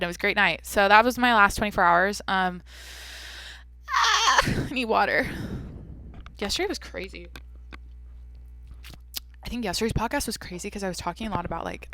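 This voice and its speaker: A woman's voice: mid-range voice, a bit bright, dry recording. A young woman talks alone into a close mic for her podcast, rambling from one thought to the next. Her speech is full of "like" and "dude," and she swears freely as she vents. The sound is dry and close, with a middling voice. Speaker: podcast host. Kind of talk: casual solo podcast rant.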